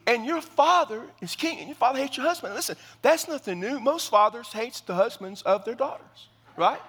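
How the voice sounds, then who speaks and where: A middle-aged man preaching a sermon in a Baptist church, telling the story in a conversational, animated way. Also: very high-pitched, normal speed, hardly any pauses, breathy edge. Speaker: pastor. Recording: long church reverb.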